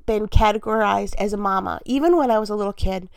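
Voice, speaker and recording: A woman's voice: mid-range voice, quick pace, vocal fry, clear, resonant tone, no room sound. Chatty woman, candid and laughing. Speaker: podcast host. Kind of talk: casual solo podcast talk.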